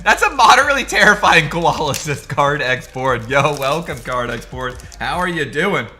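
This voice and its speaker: A young man hosting a casual livestream, excitedly greeting chat viewers by name and hyping things up as he talks. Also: a little high, moderate pace. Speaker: livestream host.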